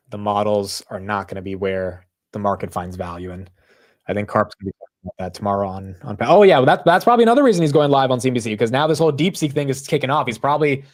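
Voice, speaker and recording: A man hosting a live market show, talking casually with slang and thinking aloud. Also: mid-range voice. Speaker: livestream host.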